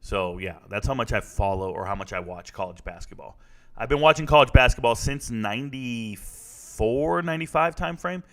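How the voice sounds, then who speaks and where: A man's voice: mid-range voice, expressive, moderate pace, a bit bright. A middle-aged man giving blunt, casual live-stream commentary on a fight and chatting with his viewers. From United States.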